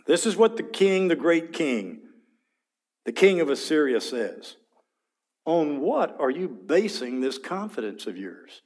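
A man voicing an arrogant, taunting Assyrian field commander who mockingly shouts his boasts. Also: fairly high pitch, very animated, a little slow. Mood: pompous.

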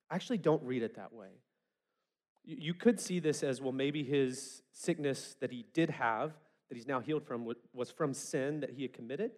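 A man's voice: a little high, lively intonation, fairly quick, darkish tone. A man preaching a sermon in a conversational, storytelling way, acting out the people he quotes. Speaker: pastor.

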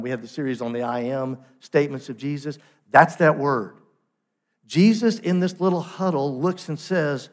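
A man preaching a sermon as pastor, emphatic, asking rhetorical questions and repeating phrases for emphasis. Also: on the high side.

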